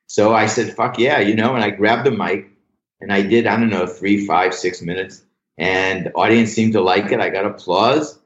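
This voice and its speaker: An older man, a comedy writer as a podcast guest, telling show-business stories in a lively, profane, casual way. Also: fairly low pitch, moderate pace. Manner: animated anecdotal storyteller, swears freely. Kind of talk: casual storytelling interview. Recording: roomy, dull lo-fi sound.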